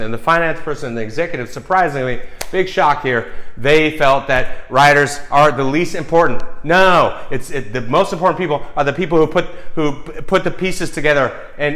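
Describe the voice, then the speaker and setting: A man's voice: medium pitch, fairly bright tone. A man, a screenwriter, rants in a vlog monologue, swearing often, heated and rambling with many restarts.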